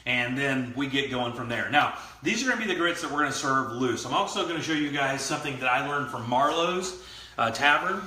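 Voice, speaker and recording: Male cooking-show host: bright, loose and chatty, recorded in an echoey kitchen. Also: mid-range voice, animated, a little fast. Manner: chatty, loose, joking asides. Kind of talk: casual cooking demonstration. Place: kitchen studio.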